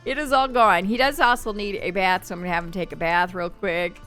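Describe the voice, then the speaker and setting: Bright, chatty woman gaming host. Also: medium pitch, steady tone, clean tone. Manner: chatty, voices her Sims' thoughts in quick asides. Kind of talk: casual gameplay commentary. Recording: faint background game music.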